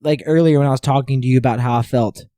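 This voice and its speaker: A man's voice: mid-range voice, steady tone, fast talker, warm tone, dry recording, clean studio sound. A man hosting a casual podcast chat, talking earnestly and reflectively and repeating phrases while he thinks. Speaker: podcast host.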